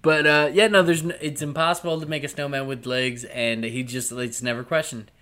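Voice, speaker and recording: A man's voice: mid-range voice, fairly even intonation, brisk, pushed and bright. A man co-hosting a podcast, chatting casually and joking, laughing often and slipping into silly voices. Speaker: podcast co-host. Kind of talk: casual chat.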